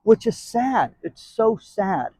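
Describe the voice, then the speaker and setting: A man's voice: high voice, very animated, slow pace, a little mellow, slightly rough, dry recording. A man hosting his own channel, talking casually to viewers and driving his points home with repeated "okay?". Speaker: channel host. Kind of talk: casual commentary to camera.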